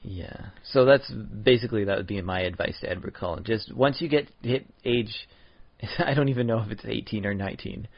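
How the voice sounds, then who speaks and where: Low-voiced laid-back man, lo-fi podcast. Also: moderate pace. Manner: laid-back, laughs often, trails off mid-thought. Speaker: podcast co-host. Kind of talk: casual chat. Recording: dull lo-fi sound.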